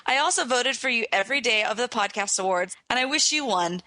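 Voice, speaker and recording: A woman's voice: a little high, expressive, fairly quick, no room sound. A woman co-hosting a podcast, reading a long listener letter aloud with frequent giggles. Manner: bright, giggly reader. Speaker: podcast co-host.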